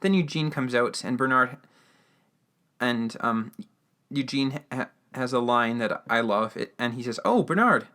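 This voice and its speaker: A man's voice: mid-range voice, steady tone, unhurried, sharp tone. Rambling man recapping a radio episode. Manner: rambling, with many fillers and restarts. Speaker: podcast host.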